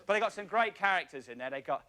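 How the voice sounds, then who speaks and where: Cheeky London comedian, high voice. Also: male voice, expressive, a crowd in the background. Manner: cheeky, quick patter. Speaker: comedian guest. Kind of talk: stand-up impressions on a TV game show. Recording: noisy TV studio with audience.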